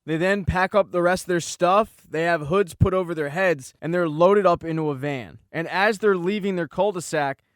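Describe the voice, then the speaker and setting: A man hosting his channel, telling a TV episode recap as scripted narration in a brisk storytelling way. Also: high voice, smooth, dry recording, clean studio sound. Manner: brisk storytelling, reading quoted dialogue in his own voice. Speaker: channel host.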